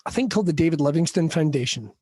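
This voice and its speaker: A man with a West of Scotland accent, a comedian chatting as a podcast guest, telling lively stories and acting out the people in them. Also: on the high side, rapid-fire, slightly rough, no echo, clean studio sound. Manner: lively storyteller who acts out quoted voices and laughs often. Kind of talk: casual podcast chat.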